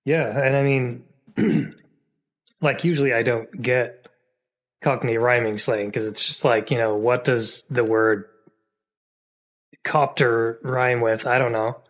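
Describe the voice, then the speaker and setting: A man's voice: mid-range voice, steady tone, takes it slowly, long pauses. A man co-hosting a podcast in casual chat, jokey and rambling with lots of fillers. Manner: chatty and jokey, with frequent fillers and restarts. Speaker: podcast co-host.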